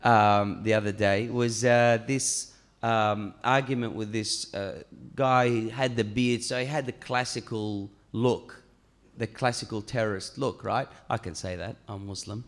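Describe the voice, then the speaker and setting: A man's voice: on the low side, steady tone, unhurried. A man who grew up in Iran, speaking as a guest on a panel at a public talk, telling stories animatedly with many fillers and restarts. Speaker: author guest. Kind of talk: panel discussion.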